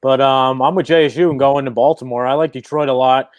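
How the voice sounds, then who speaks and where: A man's voice: mid-range voice, steady tone, fast, no room sound. Blunt man on a dry mic. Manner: blunt, confident, swears casually. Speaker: baseball betting analyst. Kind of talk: casual picks talk.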